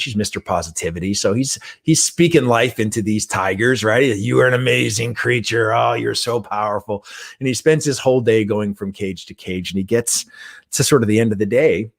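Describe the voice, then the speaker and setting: A middle-aged man giving a motivational talk, telling a story in an animated, conversational way and often checking in with the listener. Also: fairly low pitch. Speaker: guest trainer and speaker.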